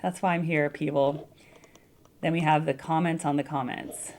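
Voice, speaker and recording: A woman with a slightly low voice and a Midwestern American accent, chatting to her audience as a music reaction vlogger. She reads viewer comments and adds casual, animated, playful asides. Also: moderate pace. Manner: animated and playful, laughs often.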